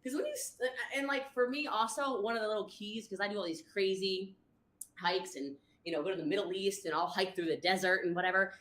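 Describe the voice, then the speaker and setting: A woman's voice: mid-range voice, brisk, a bit bright, slight background noise. Rambling woman telling a story, echoey. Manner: rambling, acts out quotes. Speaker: livestreamer. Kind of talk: storytelling livestream. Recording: echoey room.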